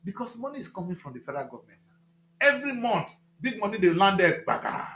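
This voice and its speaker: Nigerian male commentator, bright animated delivery, echoey room, emphatic and heated. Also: sits high, quick pace. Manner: emphatic, repetitive, rising to loud outbursts. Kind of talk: impassioned talk-show commentary.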